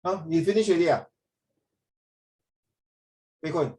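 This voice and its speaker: A man's voice: a little high, measured pace, a little mellow, reverberant, far from the mic. A male teacher with a Singaporean accent, chatting through an online class in Singlish and bits of Mandarin.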